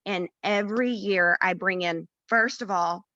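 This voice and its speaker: Bright, chatty woman co-host, encouraging and self-deprecating, dry lo-fi call audio. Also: mid-range voice, a little slow, dry recording. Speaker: round-table co-host. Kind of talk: casual chat.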